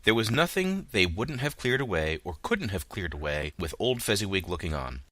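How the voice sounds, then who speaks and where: A man narrating a classic novel as an audiobook, with an expressive, dramatic reading. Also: deep voice, normal speed, no echo.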